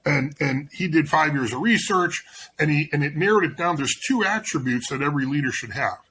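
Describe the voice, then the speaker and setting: A man's voice: fairly high pitch, animated, a little fast, a bit bright, a little hiss or hum, rough recording. A man speaking as a guest on an interview, rambling with many restarts as he explains his coaching approach. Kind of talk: casual interview conversation.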